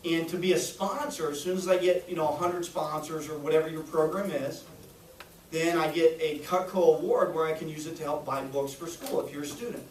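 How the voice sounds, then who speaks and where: High-voiced man giving a jokey sales training. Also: fairly even intonation, brisk, recorded from a distance. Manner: jokey, keeps checking in with "right?". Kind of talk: training lecture to a group. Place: training room with an audience. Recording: echoey room recorded from afar, faint noise.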